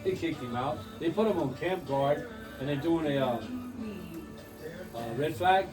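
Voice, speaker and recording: A man in his forties telling crude stories to friends over drinks, animated and laughing through them. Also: a little high, measured pace, reverberant. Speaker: storyteller. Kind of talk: casual storytelling among friends. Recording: distant mic with music behind. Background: music playing.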